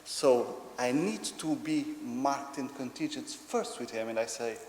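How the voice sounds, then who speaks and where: A man's voice: mid-range voice, a little slow, few pauses. Portuguese-accented man lecturing in an echoey hall. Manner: explanatory, hesitant with many ums. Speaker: conference speaker. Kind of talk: academic lecture. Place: conference hall. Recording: echoey hall with faint noise.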